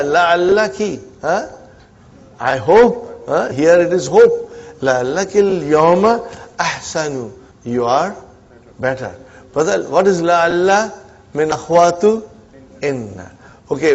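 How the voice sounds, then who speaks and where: A man's voice: a little high, muffled recording. A man teaching an Arabic grammar class, drilling students with repeated questions and frequent "huh?" prompts, mixing Arabic terms into his English. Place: community centre classroom.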